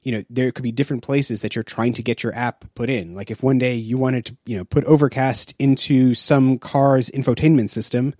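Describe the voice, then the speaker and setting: A man co-hosting a casual podcast. He rambles through his points with fillers and self-corrections. His voice is mellow and warm, and it is recorded dry and close with no room sound. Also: medium pitch, fairly even intonation, a little fast, few pauses, dry recording. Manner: rambling, full of fillers and restarts. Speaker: podcast co-host.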